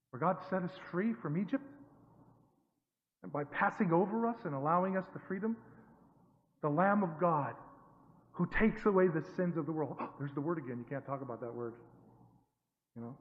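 A man's voice: fairly high pitch, moderate pace, pauses often. Preaching man, tinny echoey hall. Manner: conversational teaching, frequent self-corrections, rising to emphatic bursts. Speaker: pastor. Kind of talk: sermon. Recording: tinny phone-like sound with long hall reverb.

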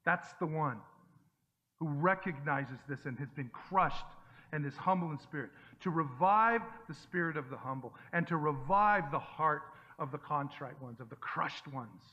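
A man's voice: fairly high pitch, lively intonation, moderate pace. A middle-aged man preaching a conversational sermon to his church, with joking asides and frequent restarts. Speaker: pastor. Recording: dull sound with long hall reverb.

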